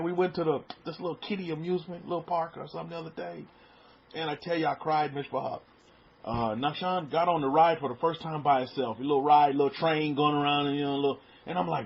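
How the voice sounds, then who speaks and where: A middle-aged male preacher with a husky, slightly raised voice talks to his congregation in an easy, conversational way. He stumbles over repeated words and drops into quieter asides. The recording sounds dull and lo-fi. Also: on the high side. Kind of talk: sermon.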